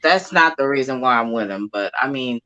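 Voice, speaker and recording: A woman from Texas in casual chat, jumping in quickly and animated. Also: rumbling low. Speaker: chat participant. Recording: dull lo-fi audio.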